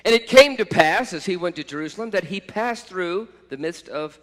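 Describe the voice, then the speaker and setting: A man preaching a sermon as pastor, impassioned, swelling to loud cries at times. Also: high voice, expressive, moderate pace. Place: church sanctuary. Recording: church hall reverb.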